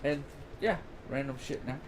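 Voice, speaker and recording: A man's voice: medium pitch, normal speed, crowd noise, low-quality recording. A man co-hosting a podcast in casual chat, rambling and opinionated. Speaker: podcast co-host. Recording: noticeable background noise.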